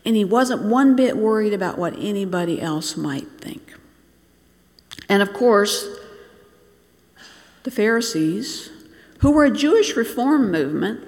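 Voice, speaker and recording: A preacher who grew up in Bangladesh, telling a sermon as a story, slowing down and dropping to near-whispers to make a point. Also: medium pitch. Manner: storytelling, slows and drops to near-whispers for emphasis. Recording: long reverb in a large hall.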